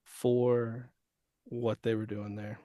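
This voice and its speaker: A man's voice: medium pitch, little pitch movement, slow, mellow, no room sound. A male guest voice actor chatting casually on a podcast in a laid-back, surfer-dude way.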